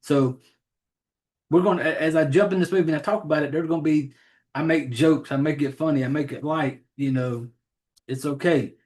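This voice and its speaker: A man's voice: a little high, brisk, darkish tone. Southern man, podcast host, loose and profane, rambles, easygoing chat. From Southern United States. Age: adult, has a child. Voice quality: rambling, profane, self-deprecating about names. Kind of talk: casual chat.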